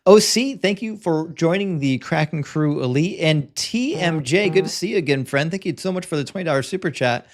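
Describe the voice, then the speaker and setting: A man's voice: fairly high pitch, lively intonation. Blunt, stammering debate host, man. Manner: blunt, lecturing, with quick stammered restarts. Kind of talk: live-stream debate and reading super chats.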